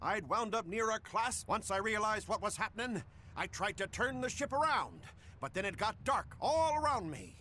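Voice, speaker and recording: An actor playing a gruff, boisterous male fisherman telling a tall tale in a game. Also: sits high, expressive, normal speed, bright, forceful tone, a little hiss or hum. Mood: boastful. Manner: boisterous storytelling. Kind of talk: game voice acting.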